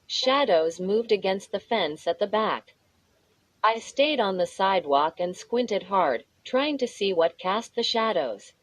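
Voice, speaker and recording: A woman narrating a spooky children's story in a measured, steady reading voice. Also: mid-range voice, dry recording, rough recording. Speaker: audiobook narrator.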